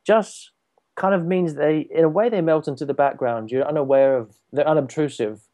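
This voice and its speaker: A man's voice: a little high, normal speed, warm tone. A man hosting a podcast, chatting casually in a thoughtful, wry way and often repeating words. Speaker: podcast host. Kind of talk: casual conversation.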